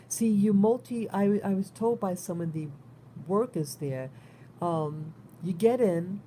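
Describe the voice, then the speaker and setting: Mellow-voiced New woman rambling. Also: medium pitch, slight background noise. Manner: rambling, repeats and restarts words, concerned. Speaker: vlogger. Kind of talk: casual spoken monologue.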